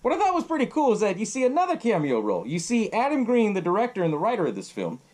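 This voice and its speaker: A man's voice: high-pitched, wildly swooping pitch, fast talker, darkish tone. A man hosting a podcast, casually retelling a horror film and swearing freely while he laughs along. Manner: loose, profane, laughing often. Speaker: podcast host.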